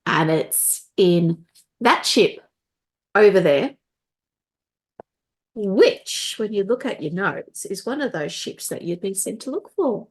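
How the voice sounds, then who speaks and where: A woman running a tabletop role-playing game as game master, narrating scenes in a relaxed, conversational way. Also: medium pitch, takes it slowly, pauses often.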